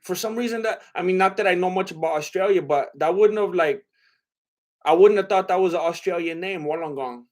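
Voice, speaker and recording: A young man chats loosely on a livestream, his voice sitting a little high for a man. He rambles and hesitates, trailing off into fillers and starting his sentences over. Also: brisk. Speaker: livestream host reading chat. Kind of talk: casual livestream chat.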